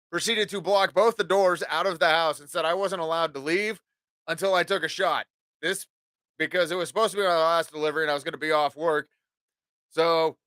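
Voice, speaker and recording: A man's voice: fairly high pitch, sharp tone, no echo, studio quality. A man in his forties hosting a podcast, telling rambling, profane stories and acting out what people said. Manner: profane, rambling, acts out quotes. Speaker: podcast host. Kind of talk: casual storytelling monologue.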